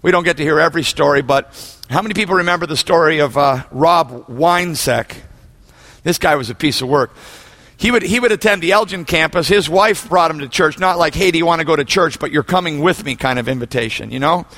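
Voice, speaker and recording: A man preaching a sermon as pastor, telling stories with shouted peaks and soft hushed asides. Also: a little high, a little fast.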